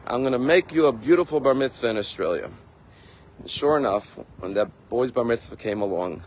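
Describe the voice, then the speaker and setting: A rabbi giving a sermon, telling a story in an earnest, emphatic way. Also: male voice, on the low side, darkish tone, slight background noise, poor audio. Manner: earnest, emphatic, acts out quotes.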